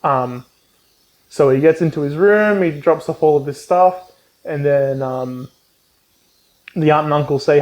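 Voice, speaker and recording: A man's voice: fairly high pitch, a little slow, long pauses, darkish tone, poor audio. A man recapping a book casually, rambling with lots of ums and swearing, and acting out the characters' lines. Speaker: book reviewer.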